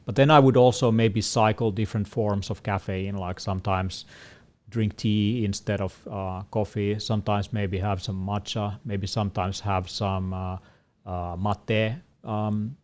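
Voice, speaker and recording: A man co-hosting a casual Q&A, explaining things in a measured way with frequent fillers. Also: on the low side, steady tone. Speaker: co-host answering questions. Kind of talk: casual panel Q&A.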